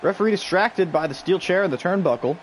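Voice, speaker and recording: A man hosts a stream and calls video game wrestling matches as a loose, casual play-by-play commentator. His slightly high voice moves fast and gets excitable, shouting the big moves before drifting into chat with viewers, over a faint hiss.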